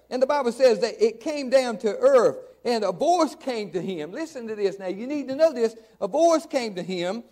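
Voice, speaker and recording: A man's voice: extremely high pitch, darkish tone. A middle-aged man preaching a sermon in a church, folksy and emphatic, repeating phrases for effect. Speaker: pastor. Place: church sanctuary.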